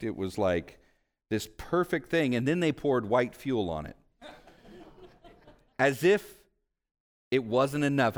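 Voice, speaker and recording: A man, a pastor, preaching a sermon with animated swings in pitch and volume, telling stories along the way.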